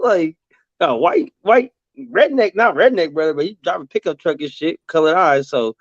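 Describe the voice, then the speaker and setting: Man, high voice, dull lo-fi sound, casual storyteller, acts out quotes. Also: normal speed, no room sound. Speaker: panel guest.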